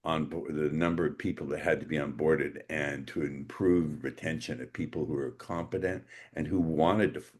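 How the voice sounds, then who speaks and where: A man hosting a podcast interview, talking in a relaxed, rambling way with jokes. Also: a bass voice, moderate pace, hardly any pauses. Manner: joking, rambling. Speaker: podcast host. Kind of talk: conversational interview.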